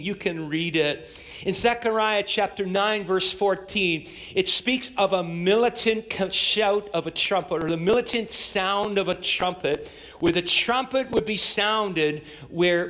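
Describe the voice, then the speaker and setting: Pastor, male, high voice, delivers a sermon that rises to emphatic, near-shouted calls. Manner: builds to emphatic, shouted exhortation. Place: church with in-person and online audience.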